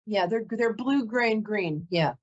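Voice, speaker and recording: A woman's voice: mid-range voice, lively intonation, measured pace, muffled recording. A woman giving a live call-in psychic reading, chatty and emotional, often breaking off to apologize. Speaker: psychic reader.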